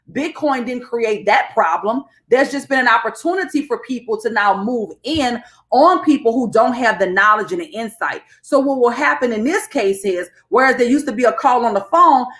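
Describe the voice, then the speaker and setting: A woman, hosting a casual livestream and talking straight to her viewers, animated and chatty, calling them "baby" and "y'all". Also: high voice. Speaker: livestream host and crypto educator. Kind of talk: casual live-stream talk to viewers.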